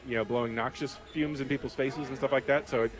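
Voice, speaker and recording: A man's voice: mid-range voice, fairly even intonation, fast. A man in his thirties co-hosting a podcast, chatting casually in a bar, rambling with lots of fillers. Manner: rambling, heavy with fillers and restarts. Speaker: podcast co-host.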